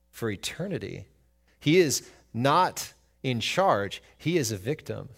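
A pastor preaching a sermon, emphatic, asking the congregation questions and then answering them. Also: male voice, mid-range voice.

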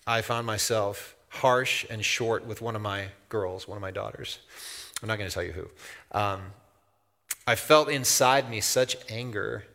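A middle-aged man preaching a sermon as a pastor, talking conversationally and then swelling into loud, emphatic outbursts. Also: medium pitch. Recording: long hall reverb.

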